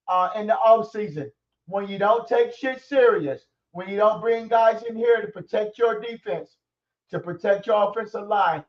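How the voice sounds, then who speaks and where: On a stream, a man with a high-pitched voice launches into an angry, profane rant about his football team. He's a sports commentary streamer, recorded from a distance with lo-fi sound.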